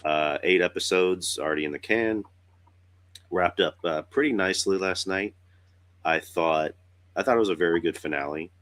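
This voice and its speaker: Sick with a cold and sounding rough, the young male podcast host rambles through casual conversation, cursing now and then. His voice sits low, at a moderate pace, with a slightly bright quality.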